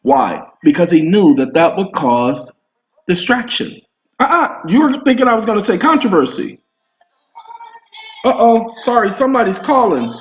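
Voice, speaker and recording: A man hosting an online video, talking to his viewers in a rambling, emphatic monologue. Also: mid-range voice. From Southern US roots. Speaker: video host. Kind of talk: casual monologue to camera. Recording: roomy, dull home recording.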